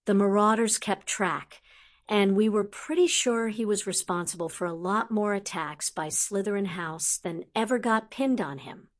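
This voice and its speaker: A woman's voice: mid-range voice, moderate pace, lightly acted. A woman reading an audiobook, voicing a frank, wry grown male wizard in a conversational tone.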